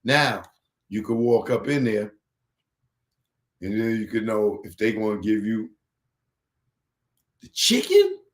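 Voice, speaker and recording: A comedian hosting a live stream talks at an unhurried, laid-back pace. He rambles casually while fiddling with a gadget. The room around him is roomy and echoey. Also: on the low side, steady tone. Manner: casual, rambling, unpacks and tries out gadgets on camera. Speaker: comedian host. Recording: roomy echo.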